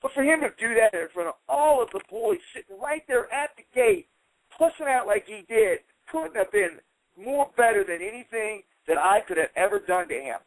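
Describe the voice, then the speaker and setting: Animated man telling a fight story. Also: extremely high pitch, moderate pace, no room sound, poor audio. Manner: swears, acts out quoted voices. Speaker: guest fighter. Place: radio studio.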